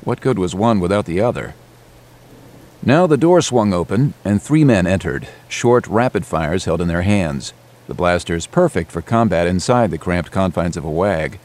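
Deep-voiced male audiobook narrator. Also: animated, normal speed, a little mellow.

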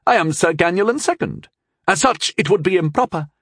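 A man's voice: sits high, animated, fairly quick, fairly bright tone, slightly rough, dry recording, clean studio sound, pitched above the performer's own voice, exaggerated voice. A man voicing a cheerful, cocky young warrior who banters. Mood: stiff.

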